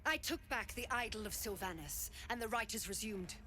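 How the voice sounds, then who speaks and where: Proud druid leader, cold, commanding, clipped, lively pitch swings. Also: female voice, moderate pace, a little hiss or hum. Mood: haughty. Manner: haughty, commanding, clipped pronouncements.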